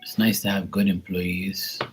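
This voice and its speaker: Low-voiced man chatting on a livestream. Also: measured pace, soft background music, poor audio. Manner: relaxed, chatty, reads out viewers' names. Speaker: tarot reader on a livestream. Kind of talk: casual livestream chat with viewers.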